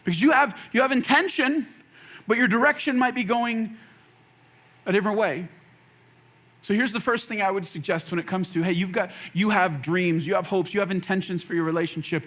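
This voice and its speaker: Guy preacher w a pretty high voice, chatty sermon, acts out little quotes, says stuff twice for punch. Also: fairly quick. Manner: animated, acts out quoted lines, repeats phrases for emphasis. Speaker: pastor. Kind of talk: conversational sermon.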